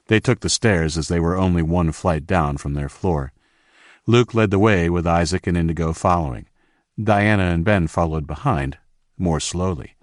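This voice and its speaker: A man narrating an audiobook in a steady, measured way. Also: low voice, dry recording, clean studio sound.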